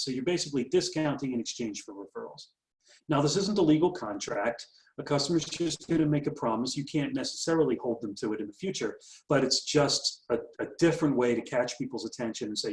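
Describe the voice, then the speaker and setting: Brief: man, business coach, brisk upbeat delivery, mid pitch, echoey room. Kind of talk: presenting marketing tips. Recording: roomy echo.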